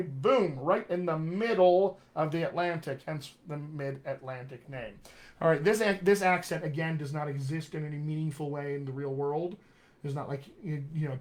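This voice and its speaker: A dialect coach, a man, talks through a live-streamed accent lesson in a loose, conversational way. He is emphatic and openly opinionated, and his voice sits a little higher than most men's.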